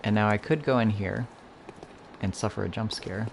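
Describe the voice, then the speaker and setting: A man's voice: fairly low pitch, moderate pace, gravelly. A man streaming a casual game playthrough, chatty and joking, reacting aloud as he plays. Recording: noisy stream audio.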